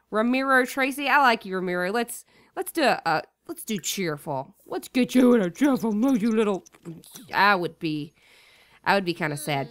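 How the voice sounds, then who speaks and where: Young woman gamer w a cold, high bright voice, bossy and jokey at the screen. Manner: excitable, bossy and jokey toward the game characters. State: sniffly with a cold. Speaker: gaming YouTuber. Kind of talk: Let's Play commentary.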